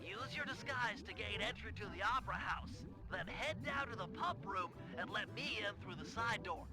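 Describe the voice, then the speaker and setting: An actor playing a brainy, calm male turtle who briefs his team step by step on a heist plan. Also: sits high, normal speed. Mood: briefing. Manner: briefing, plotting each step. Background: game music.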